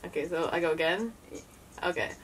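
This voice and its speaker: A woman's voice: on the low side, fairly quick, slight background noise. A woman co-hosting a casual video, chatting in a laid-back, playful way with frequent giggles. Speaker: co-host of a video channel. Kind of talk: casual chat.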